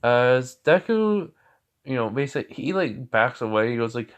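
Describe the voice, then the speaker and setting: Young man, fan storyteller, rambling, fillers, self-correcting, mid-pitched voice. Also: very animated, normal speed, smooth. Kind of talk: improvised fan-fiction storytelling.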